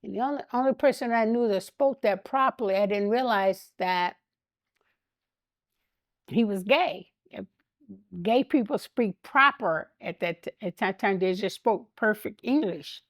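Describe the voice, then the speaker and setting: An older woman, a guest in an interview, telling animated stories and acting out the voices of the people in them, often breaking into laughter. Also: mid-range voice, measured pace, no room sound, clean studio sound. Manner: animated anecdotes, laughs often, acts out quotes. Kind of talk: storytelling interview.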